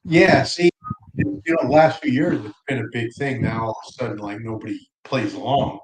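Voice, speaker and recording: A man's voice: medium pitch, moderate pace. Playful man in an echoey room. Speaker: co-host. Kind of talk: casual chat. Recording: echoey room with faint noise.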